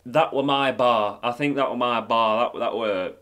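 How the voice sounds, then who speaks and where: A man's voice: medium pitch, normal speed. Jumpy swearing British gamer guy. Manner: jumpy, swearing, shouting at the game. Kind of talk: horror game commentary.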